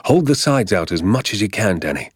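A kind, patient father from a storybook, read by a man, calm and reassuring in a very deep, lively voice. It is recorded close and dry. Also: a little fast, slightly rough, no room sound.

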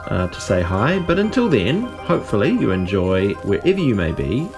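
A man's voice: fairly low pitch, normal speed. A man hosting a children's radio show, giving a cheerful pre-recorded introduction. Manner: cheerful, lively greeting. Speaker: kids show radio host. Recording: music bed underneath.

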